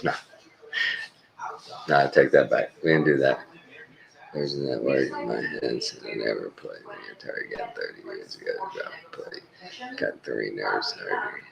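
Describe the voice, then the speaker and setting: Deep-voiced man telling stories. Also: normal speed, creaky, pauses often, a crowd in the background, rough recording. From Texas. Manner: rambling, laid-back, swears casually, acts out quoted voices. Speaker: traveling surgical tech. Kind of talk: casual storytelling chat.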